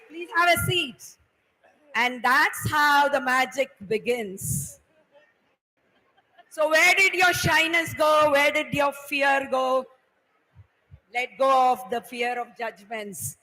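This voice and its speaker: A woman's voice: high voice, sharp tone. A woman giving a playful motivational talk to students, acting out everyday scenes to make her points. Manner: playful, acts out everyday examples. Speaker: workshop speaker. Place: large hall. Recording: echoey hall.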